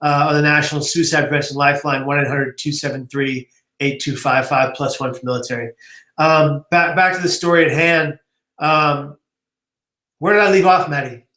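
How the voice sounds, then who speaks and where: A man, guest on a live-streamed interview, telling his story in an emotional, animated way. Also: fairly high pitch, moderate pace, echoey room. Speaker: guest, suicide prevention advocate.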